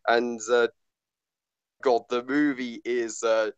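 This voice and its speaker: A man reviewing a movie in casual chat, halting with many fillers and restarts, blunt and swearing. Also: medium pitch, flat delivery, clean tone, dry recording, lo-fi sound.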